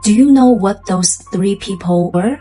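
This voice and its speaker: A woman's voice: medium pitch, unhurried, dark tone, faint music behind, natural voice, poor audio. A woman voicing a trembling old woman. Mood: shaken. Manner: shaky, urgent warning.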